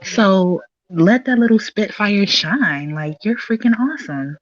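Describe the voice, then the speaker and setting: A woman speaks as a co-host on a livestream, warm and supportive, at a middle pitch. The recording is dry and dull, with a lo-fi sound. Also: expressive, unhurried, dry recording. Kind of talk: casual livestream chat.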